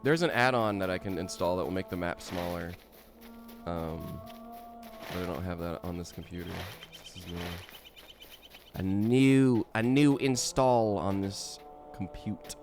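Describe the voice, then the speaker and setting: A man's voice: low-pitched, fairly even intonation, measured pace, over music. A man streaming a game, chatting casually and playfully, often giggling and joking to himself.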